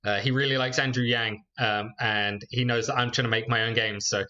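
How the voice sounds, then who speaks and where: Bright-voiced man commenting on a game. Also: medium pitch, a little fast, lo-fi sound. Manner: chatty, relaxed, frequent fillers. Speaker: YouTuber playing a game. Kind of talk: let's play commentary.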